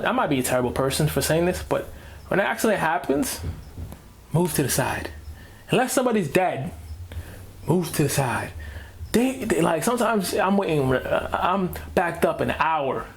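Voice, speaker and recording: A man's voice: on the high side, expressive, moderate pace, gravelly. A man hosting a reaction video, ranting casually in slang and repeating himself as he talks.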